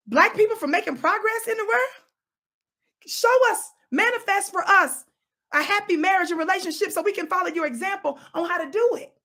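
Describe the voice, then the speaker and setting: With a very high voice and a slightly fast delivery, a talk show host preaches through an animated commentary monologue. She repeats words to drive points home and teases her listeners, breaking into bursts of laughter.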